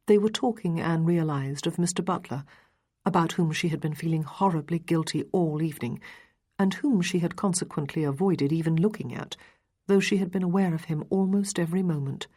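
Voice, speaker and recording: Woman audiobook narrator, calm, even, low-pitched, husky. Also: brisk. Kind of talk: scripted narration.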